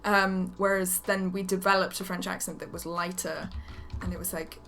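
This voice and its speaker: A woman's voice: on the low side, little pitch movement, normal speed, a bit bright, faint music behind. A woman in her twenties, a voice actress, chatting casually and sheepishly about her old work. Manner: self-deprecating, sheepish. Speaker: voice actress guest. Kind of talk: casual chat.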